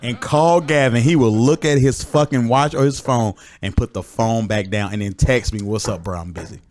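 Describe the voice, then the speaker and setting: A man's voice: medium pitch, normal speed, darkish tone. Joking man in casual chat. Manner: emphatic, joking banter. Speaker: podcast guest.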